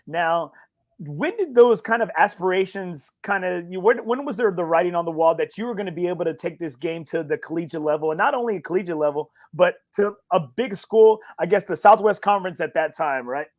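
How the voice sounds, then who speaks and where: High-pitched guy hosting a podcast, super chummy, keeps saying dude and man. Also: expressive, a little fast. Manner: friendly, chummy, repeats phrases. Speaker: podcast host. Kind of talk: casual interview chat.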